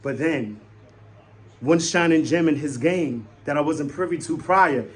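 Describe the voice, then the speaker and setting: Excitable man giving fan postgame commentary. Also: measured pace. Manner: excitable, swings between loud hype and low mutters. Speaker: sports fan vlogger.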